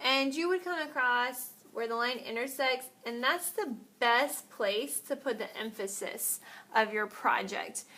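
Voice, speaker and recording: Slow, higher-voiced woman teaching art. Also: bright, forceful tone. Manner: explains step by step while demonstrating on paper. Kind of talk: classroom art lesson.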